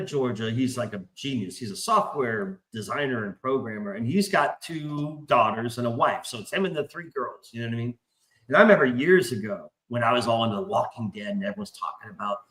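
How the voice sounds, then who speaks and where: Male panelist, forceful bright voice, profane and rambling, roomy echo. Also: medium pitch. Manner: animated, acts out quoted voices. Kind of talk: casual chat. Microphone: remote stream call mic.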